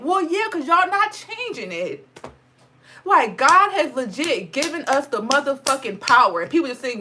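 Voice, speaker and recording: A woman speaks in a Black dialect, high-pitched and bright. She talks bluntly and swears freely in a spiritual vlog. Her voice sounds close to tears. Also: big pitch swings, moderate pace, slight background noise. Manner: mocks others in high sarcastic voice. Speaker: spiritual vlogger. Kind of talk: impassioned casual monologue.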